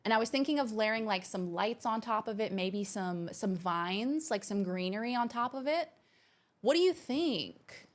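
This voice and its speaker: An animated woman with a mid-range voice hosts a livestream from her home streaming room. Reading out viewer messages, she chats in a casual, bubbly, gushing way and exclaims quickly.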